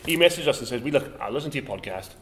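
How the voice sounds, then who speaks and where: Man, comedy podcast co-host, crude deadpan delivery, lively pitch, echoey room. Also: rapid-fire. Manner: crude, deadpan, with sudden high yelps. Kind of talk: improvised comedy chat. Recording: roomy echoing room.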